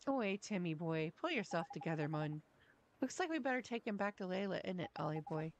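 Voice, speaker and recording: A woman's voice: lowish voice, very animated, brisk, lo-fi sound, a little hiss or hum. A woman voicing a chatty male fairy creature with a brash, teasing delivery while reading a game's dialogue.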